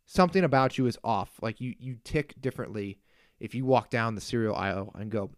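A man's voice: mid-range voice, fairly quick, no echo, studio quality. A young man hosting his own podcast, ranting casually and with exasperated humor, full of asides and jokes. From Kansas. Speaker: podcast host. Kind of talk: casual solo podcast rant.

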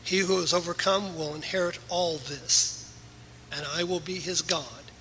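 Earnest bright-voiced male pastor preaching. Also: on the high side, fairly even intonation, unhurried, slight background noise, low-quality recording. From USA. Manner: earnest, emphatic preaching with varying volume. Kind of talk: sermon. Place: church.

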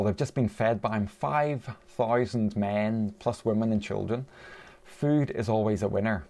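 A man's voice: fairly low pitch, vocal fry, darkish tone. A man preaching a sermon in a conversational way, asking his listeners rhetorical questions.

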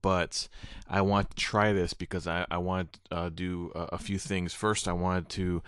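A young man talks through an unedited solo podcast episode. His voice is very deep and stays flat. The sound is smooth and dry, recorded close on his own microphone, and he rambles with fillers, restarts and apologies. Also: moderate pace, no room sound. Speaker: podcast host. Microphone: own microphone into recording software.

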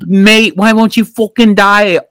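A ruthless, commanding woman warlord with a mock British accent, as a man puts her on, the voice pushed high and strained. The delivery is a dry, close podcast impression with no room sound. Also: fairly even intonation, unhurried, fairly bright tone, dry recording, faint music behind. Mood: exasperated. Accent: mock British, attempted. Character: commanding woman leader, gun-wielding, ruthless.

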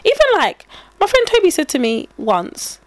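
A woman's voice: sits high, normal speed, dry recording. A woman, co-hosting a podcast in casual chat, telling stories animatedly and acting out what people said. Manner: animated storytelling, acting out quoted dialogue. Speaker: podcast co-host and teacher.

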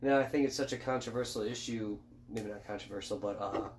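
A young man co-hosting a podcast in crude casual chat, joking loudly and swearing a lot. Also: on the low side, a little fast, slight background noise. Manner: loud, jokey, swears a lot, shouts and laughs. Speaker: podcast co-host.

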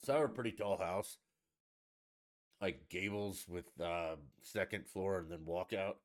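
A man's voice: low-pitched, a little slow. A man hosting a casual solo podcast from the United States, ranting bluntly and swearing freely. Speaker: podcast host.

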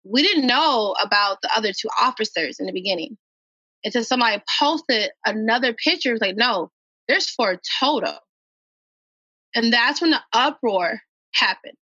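A woman's voice: a little high, lively intonation, moderate pace, sharp tone, breathy edge, no echo. A woman from Minnesota, a guest on a podcast, telling a personal story in an earnest way and repeating phrases for emphasis. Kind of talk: emotional personal account. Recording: dull, dry podcast audio.

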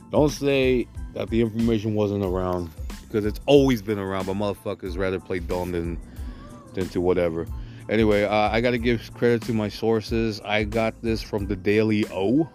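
Foul-mouthed ranting man, low voice. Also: steady tone, moderate pace, a little mellow, soft background music. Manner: aggressive, heavy swearing; filler-heavy, keeps asking "you know what I'm saying". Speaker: podcast host. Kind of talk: profane ranting monologue.

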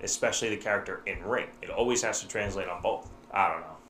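A man's voice: deep voice, quick pace, fairly bright tone, slight background noise. A man hosting a casual podcast at home, chatting loosely and often trailing off with hesitant asides. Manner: hesitant, trailing off with "I don't know". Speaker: podcast host. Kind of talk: casual chat. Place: home, watching TV while recording.

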